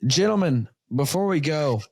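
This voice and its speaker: Animated storytelling man, dry close sound. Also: fairly high pitch, moderate pace, vocal fry, no echo. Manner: animated storyteller who acts out dialogue. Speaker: podcast host. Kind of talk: casual chat. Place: home studio.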